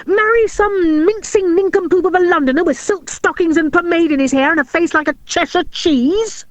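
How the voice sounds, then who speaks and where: A woman voicing a jealous, hot-tempered young boy who shouts and explodes with temper. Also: extremely high pitch, normal speed, no echo, pitched above the performer's own voice. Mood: furious.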